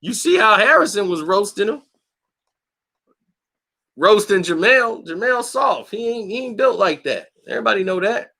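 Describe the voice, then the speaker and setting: A man's voice: high voice, moderate pace, gravelly. A man hosting a boxing channel, telling a story in a blunt, slangy, combative way and acting out other people's lines in a raised voice. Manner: animated, acts out quotes in a raised voice. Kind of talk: casual storytelling monologue.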